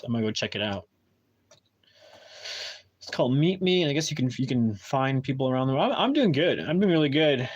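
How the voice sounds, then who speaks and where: A man's voice: medium pitch, highs cut off. A man chatting casually with viewers on a live stream at home, talking hesitantly with many restarts and fillers.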